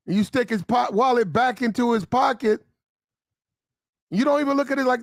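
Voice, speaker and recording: High-voiced man spinning a commentary story. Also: a little fast, no room sound, clean studio sound. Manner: animated, vivid storytelling with slang.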